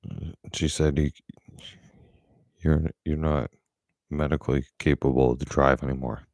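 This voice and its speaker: A man's voice: rumbling low, fairly even intonation, unhurried, a little mellow, no room sound, studio quality. A middle-aged man telling a story in a blunt, profane, angry way, as a casual vlogger.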